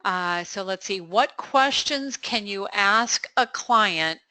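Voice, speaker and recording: A middle-aged woman hosting a live coaching webinar Q&A, upbeat and encouraging with quick affirmations and frequent fillers. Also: mid-range voice, lively intonation, sharp tone, no echo.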